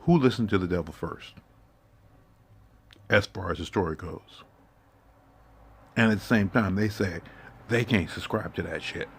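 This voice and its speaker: A man delivers a heated, confrontational monologue, swearing heavily as he lectures his listeners in a preachy way. His voice is low, creaky and a little breathy, and he speaks unhurriedly with frequent pauses.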